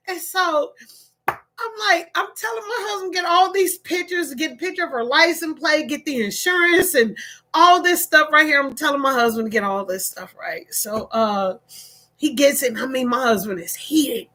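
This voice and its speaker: Animated woman telling a story on livestream. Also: high voice, normal speed. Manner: animated, repeating phrases, checking in with viewers. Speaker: online storyteller.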